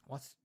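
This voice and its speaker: On a livestream, a man chats casually while reading the chat aloud. He laughs often and repeats words as he tries out different pronunciations.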